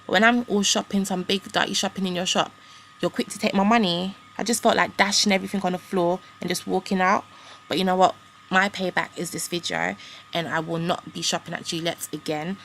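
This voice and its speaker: A young woman rants to camera in a low, gravelly voice. She talks bluntly and swears freely as she tells a vlog story, with a slight roughness that stays under everything she says. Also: steady tone, fairly quick, fairly bright tone, a little hiss or hum. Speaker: vlogger. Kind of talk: angry storytime rant.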